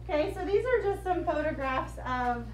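A woman's voice: high voice, animated, moderate pace, slight background noise. A woman teacher leading a vocabulary lesson, patiently repeating each word for the class to echo. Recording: echoey classroom from far off.

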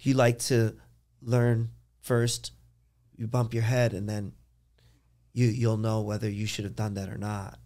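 A man quoting a calm, soft-spoken stranger. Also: on the low side, unhurried, pauses often, voice pushed down, natural voice. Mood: calm, earnest.

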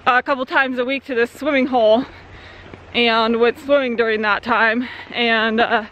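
A young woman from Central Arizona talks casually in a rambling vlog by a creek swimming hole, using many fillers. Her voice is fairly high with fairly even intonation, a moderate pace and a slightly bright tone, and there's slight background noise.

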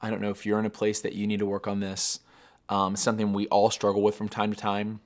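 A man's voice: lowish voice, completely flat delivery, fast. A man hosting a daily devotional podcast, speaking in an earnest, reflective way that turns emotional at times.

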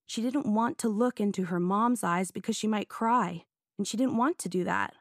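A woman narrating an audiobook in a clear storytelling manner. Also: mid-range voice, normal speed, no echo, clean studio sound. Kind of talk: scripted narration.

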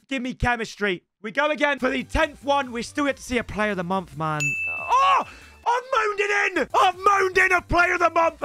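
Young guy hyping up his footy game, really high bouncy voice, yells a lot, chats to the lads. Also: no room sound. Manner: energetic, shouty, slangy banter with viewers. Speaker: gaming YouTuber. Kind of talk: excited gameplay commentary.

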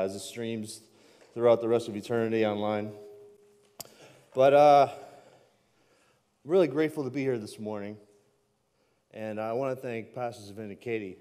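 A man's voice: medium pitch, dark tone, long reverb tail. A man speaking as a guest preacher, opening with self-deprecating jokes. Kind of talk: humorous sermon opening.

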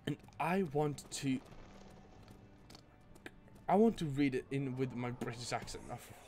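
A man's voice: medium pitch, lively intonation, a little slow, darkish tone, faint music behind. Jumpy, swearing young male gamer. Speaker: gameplay host. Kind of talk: casual gameplay commentary.

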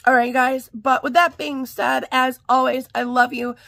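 Hoarse, chatty woman vlogger. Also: high voice, level tone, moderate pace, fairly bright tone, no room sound. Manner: chatty, rambling. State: hoarse from illness. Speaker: haul vlogger. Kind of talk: casual haul vlog. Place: home art room and office.

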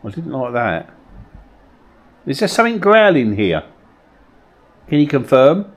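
Male ghost-hunt host, animated delivery, uneasy coaxing questions, old mill cellar. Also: medium pitch, measured pace. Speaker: paranormal investigator host. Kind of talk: ghost-hunt vlog, calling out to spirits.

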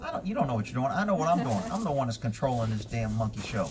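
A man voicing a defiant horse that scorns its handler, contemptuous and cursing, his voice dropped lower and quieter than his own. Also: very animated, racing, background noise, lightly acted. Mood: scornful.

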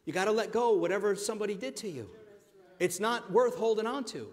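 A man pastor preaching a sermon, emphatic and calling the congregation his friends, swinging between loud stretches and hushed ones. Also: high voice, animated, fairly quick, long reverb tail. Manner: addresses the congregation directly as friends. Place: church sanctuary.

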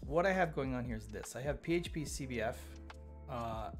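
Man, live coding host, thinks out loud, chats with viewers, mid-pitched voice, lo-fi music playing behind. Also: animated, brisk. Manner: thinks aloud, chatty asides to chat viewers. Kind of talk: casual live coding commentary. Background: chill lo-fi music.

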